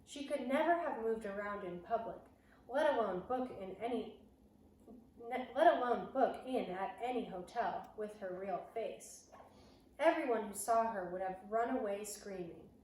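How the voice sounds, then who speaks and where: A woman reading a children's novel aloud in an expressive, dramatic way. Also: mid-range voice, moderate pace, far from the mic. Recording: echoey room, voice off-mic, faint hiss.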